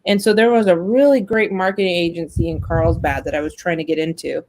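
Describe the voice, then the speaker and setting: A woman's voice: on the low side, fairly even intonation, brisk, noisy background. A woman hosting a casual web talk show, telling a long story about job hunting, chatty and full of fillers. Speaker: host. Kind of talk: casual chat.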